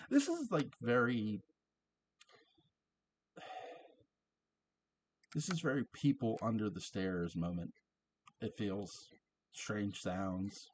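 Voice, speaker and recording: A man's voice: on the low side, animated, extremely slow, pauses often, a little hiss or hum. A man casually recapping a TV episode, chatty and laughing often, quoting lines in passing. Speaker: show reviewer.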